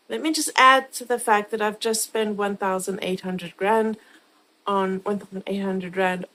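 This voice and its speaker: A woman from South Africa, vlogging in a casual, animated way, swearing freely as she retells a chaotic comic mishap. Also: mid-range voice, poor audio. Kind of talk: casual storytelling to camera.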